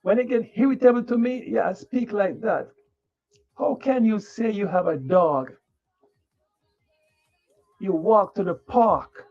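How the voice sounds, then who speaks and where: High gravelly guy ranting slow on a livestream, blunt and preachy, swears freely, muffled sound w/ soft music. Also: lively intonation. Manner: blunt and profane, unfiltered; preachy, moralizing. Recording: dull lo-fi stream with faint music.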